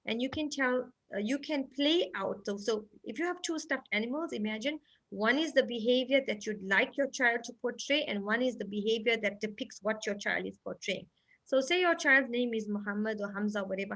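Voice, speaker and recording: Woman, family counselor, fairly high voice, animated, acts out examples. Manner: animated, acts out parent and teddy bear lines. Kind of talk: online panel discussion.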